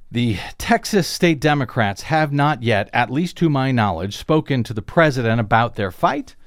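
A man's voice: medium pitch, dry recording. A man hosting a talk radio show, giving emphatic political commentary into a studio microphone. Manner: animated, emphatic delivery. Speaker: radio host.

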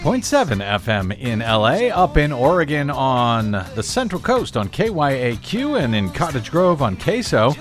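A man's voice: mid-range voice, big pitch swings, a little slow, hardly any pauses, faint music behind. A man hosting a talk radio show, wry and self-deprecating, stumbling over fillers as he talks. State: a little out of breath. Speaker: radio host. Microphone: studio microphone.

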